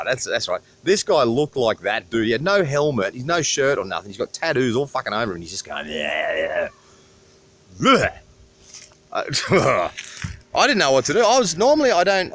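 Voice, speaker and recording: Standing at a busy roadside, an Australian man with a medium-pitched, slightly bright voice chats into a handheld camera for a casual travel vlog. He rambles through a story and swears freely, with faint traffic in the background.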